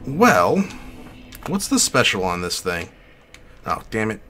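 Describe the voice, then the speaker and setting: Excitable gamer man, lively bright voice. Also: lowish voice, slow pace, slight background noise. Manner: excitable, swings from loud outbursts to mutters; casual, swears, talks to chat. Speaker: gaming streamer. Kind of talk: live gameplay commentary.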